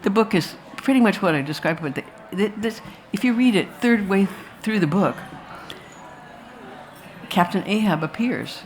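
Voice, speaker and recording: A woman's voice: medium pitch, expressive, normal speed, slight background noise. Rambling woman telling stories to an audience. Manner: rambling, anecdotal, with restarts and asides. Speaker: filmmaker talking about her film. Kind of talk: live post-screening talk to an audience. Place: festival talk before an audience.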